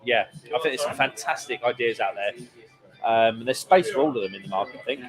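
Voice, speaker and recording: A man's voice: medium pitch, brisk, over music, rough recording. A man co-hosting a live stream from a pub, reading viewer comments aloud in a playful, jokey way. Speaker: quiz host and co-host. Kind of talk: casual live stream chat. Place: pub taproom.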